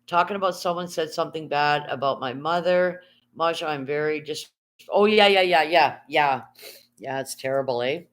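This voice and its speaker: A woman's voice: low-pitched, moderate pace. A woman, chatting casually on a live stream, rambling, answering her chat and swearing freely.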